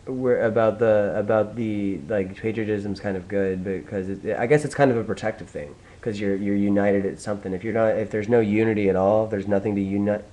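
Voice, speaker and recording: A man's voice: fairly low pitch, steady tone, a little fast, few pauses, mellow, poor audio. A young man from the United States talking alone in a casual, profane, rambling monologue with many restarts. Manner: profane, ranting, full of restarts. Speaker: vlogger.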